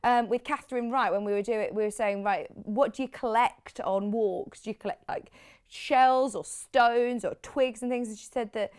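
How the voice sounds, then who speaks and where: A woman's voice: on the high side, steady tone, normal speed, darkish tone, smooth. A British woman hosting a live TV shopping show, chatty and rambling, with lots of asides. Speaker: shopping channel host.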